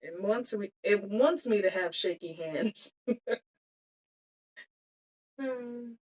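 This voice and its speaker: A woman with an expressive, mid-range voice, a little mellow, takes her time as she chats with live-stream viewers while making bead earrings. The cellphone live-stream audio catches her giggling, talking to herself, and trailing off mid-sentence.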